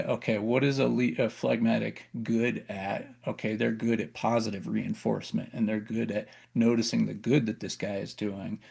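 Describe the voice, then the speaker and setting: Low, gravelly, husky male co-host. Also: darkish tone. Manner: reflective, thinks aloud with fillers and short affirmations. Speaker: podcast co-host. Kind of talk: casual discussion.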